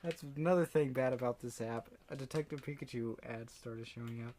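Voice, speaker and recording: A teenage boy co-hosting a casual comedy podcast, playful and quick to laugh. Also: medium pitch, darkish tone. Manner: giggly, playful. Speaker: podcast co-host. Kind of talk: casual chat.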